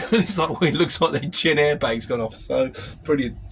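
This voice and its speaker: A man's voice: fairly high pitch, moderate pace, a bit bright, a little hiss or hum. A man who hosts a casual Q&A, reading out viewer comments and answering them in a rambling, opinionated way. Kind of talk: casual Q&A chat.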